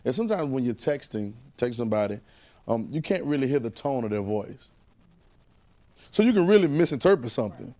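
A man preaching a sermon in call-and-response style, repeating phrases and swinging between loud and hushed delivery. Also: medium pitch, sing-song, a little fast.

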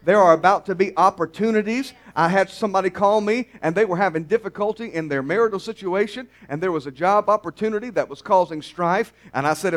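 A man preaching a sermon at a church service. He talks in a folksy, teasing way to the congregation and swells to emphatic near-shouts on key phrases. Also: high voice, a little fast, hardly any pauses. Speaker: pastor.

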